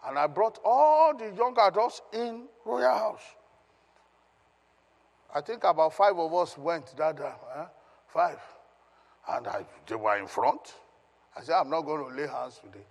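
A man's voice: fairly high pitch, animated, unhurried, vocal fry, long pauses, husky. Man preaching in a reverberant hall. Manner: emphatic, questions the congregation. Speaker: pastor. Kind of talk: Bible teaching.

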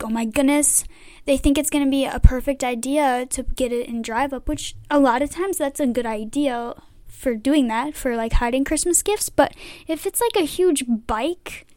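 A woman's voice: sits high, darkish tone, no room sound. A young woman hosting a casual chat, rambling with lots of fillers. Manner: rambling, many "like" and "I don't know" fillers. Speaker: podcast host.

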